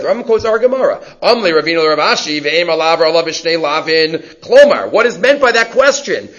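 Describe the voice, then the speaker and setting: A man with a fairly high voice teaches a lesson on Jewish law. He reads Hebrew source passages and then explains them emphatically in plain English. The recording sounds dull and lo-fi. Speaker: Torah teacher.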